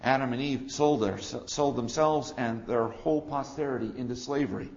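A man preaching an expository sermon, swinging between loud declarations and quiet asides. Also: medium pitch, normal speed, highs cut off.

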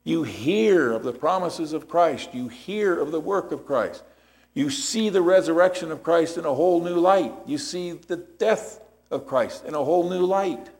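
Guy preaching a sermon, kinda high voice, explains verse by verse and goes "right?" a lot. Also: expressive, a little slow, darkish tone. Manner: explanatory preaching with rhetorical questions. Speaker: pastor.

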